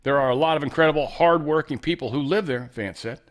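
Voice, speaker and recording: A man hosting a news commentary show, in animated, jokey talk that swings between loud remarks and soft asides. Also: on the high side, quick pace. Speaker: show host.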